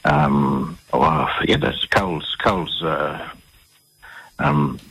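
An Australian man being interviewed on the radio, telling his story casually in a halting way, with lots of fillers and restarts. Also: rumbling low, a bit bright, breathy edge, poor audio.

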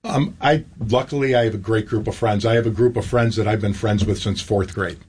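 A man's voice: on the low side, brisk, darkish tone, breathy edge. A middle-aged man, a veteran guest in an interview, talking casually with many fillers. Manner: casual, chatty, with filler words. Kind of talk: interview conversation.

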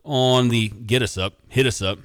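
A man hosts a sports radio show in easy, joking banter. His voice sits at an ordinary pitch and is recorded dry and close. He rattles off call-in numbers and ribs his partner. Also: fairly even intonation, a bit bright, no echo. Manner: joking, quick back-and-forth.

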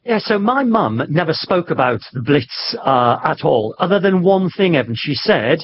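Husky middle-aged man, earnest guest. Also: a little high, big pitch swings, moderate pace. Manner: earnest, conversational storytelling. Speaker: author, guest. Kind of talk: radio interview. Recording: dull lo-fi broadcast audio.

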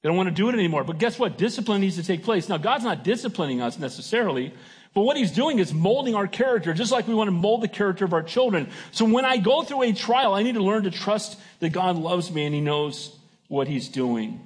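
A man's voice: high-pitched, expressive, fairly quick, breathy edge. A man preaching a sermon as pastor, emphatic and folksy, often asking his congregation "Amen?". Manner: folksy and joking.

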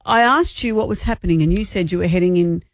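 A woman's voice: on the low side, quick pace, dry recording. An Australian woman co-hosting a radio show, needling her partner with dry, teasing questions. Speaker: radio co-host. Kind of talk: casual on-air banter. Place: radio studio. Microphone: studio microphone.

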